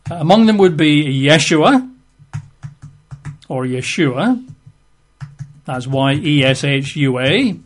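Male Bible teacher, informal and wry, spells words out, slow pace, raised pitch. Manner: conversational, wry asides, spells out words letter by letter.

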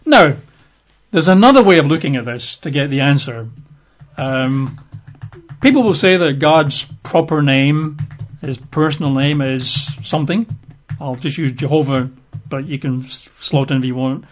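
Man, opinionated, wry, plain-spoken, fairly high voice. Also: normal speed. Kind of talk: casual talk to camera.

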